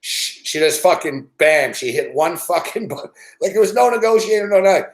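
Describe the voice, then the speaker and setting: Higher-voiced man in a profane rant. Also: lively intonation, brisk. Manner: swears constantly, rambling with many fillers. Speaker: sports betting host. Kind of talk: casual profane storytelling rant. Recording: roomy echo.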